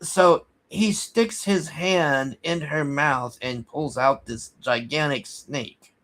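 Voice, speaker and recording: Man, unhurried, rambling movie recap full of restarts and sighs. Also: a little high, a bit bright. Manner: rambling, halting, many restarts and fillers; exasperated, sighing. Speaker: movie reviewer. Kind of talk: casual spoken movie recap.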